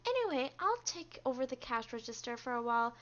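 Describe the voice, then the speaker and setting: A woman's voice: high-pitched, sing-song, fairly quick, dull audio. A woman voicing a friendly young female shop clerk with an upbeat, breezy manner, in a game playthrough.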